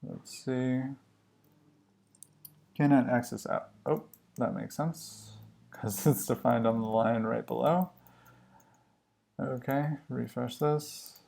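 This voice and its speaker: Slow, gravelly man thinking aloud. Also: medium pitch, steady tone, darkish tone. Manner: musing, halting, self-questioning. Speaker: livestream coder. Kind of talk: thinking aloud while live coding.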